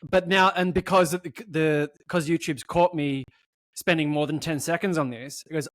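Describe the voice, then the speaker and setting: A man co-hosting a podcast, talking in an animated, casual way with swearing and acted-out voices. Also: on the high side, moderate pace, dry recording, clean studio sound. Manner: animated, swearing, acts out voices mid-story. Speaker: podcast co-host. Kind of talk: casual conversation.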